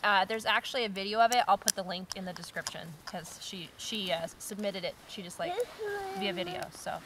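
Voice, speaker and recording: A woman's voice: mid-range voice, fairly quick, heavy background noise. Giggly woman reading stories aloud. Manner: giggly, animated storytelling. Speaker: co-host reading listener stories. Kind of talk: casual chat, reading aloud. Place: outdoors by a campfire.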